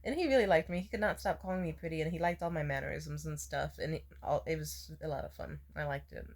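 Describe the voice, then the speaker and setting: A woman's voice: low-pitched, fairly even intonation, fast. Young woman vlogger, hungover, loose rambling storytime delivery. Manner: rambling, laughing, swearing freely. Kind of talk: casual storytime rant.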